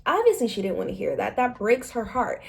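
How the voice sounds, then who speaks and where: A young woman who vlogs for a book club talks casually and chattily about a book she read. Her voice is on the high side and gravelly, with big pitch swings and a fairly quick pace, and she acts out the characters' quotes in different voices.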